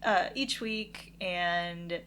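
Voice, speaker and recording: A woman's voice: lowish voice, drawn-out words, fairly bright tone, a little hiss or hum. A woman co-hosting a podcast, telling a story in a chatty, wry way with fillers. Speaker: podcast co-host. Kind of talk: casual storytelling.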